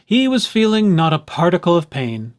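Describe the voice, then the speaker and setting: Animated man reading a picture book. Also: high voice, normal speed. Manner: expressive, animated storytelling. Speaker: storyteller. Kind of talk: children's picture book read-aloud.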